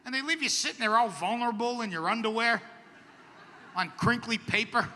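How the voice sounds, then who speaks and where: A man's voice: very high-pitched, fairly quick, sharp tone, long reverb tail. A middle-aged man doing a stand-up comedy set, wry and self-deprecating with punchy delivery. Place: outdoor comedy stage at a camp festival.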